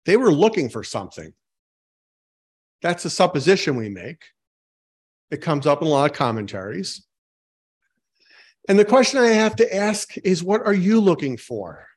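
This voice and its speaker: Male pastor with a somewhat high voice; informal, joking, talks with his congregation rather than at them. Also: sing-song, normal speed, pauses often, slightly rough. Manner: informal, asks the congregation questions, self-mocking jokes. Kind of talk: conversational sermon.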